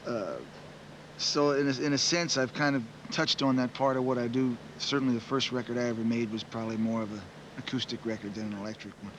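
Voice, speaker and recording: A man's voice: mid-range voice, little pitch movement, brisk, dull audio, slight background noise. A man in his forties, a musician, giving rambling, reflective interview answers full of "you know" fillers.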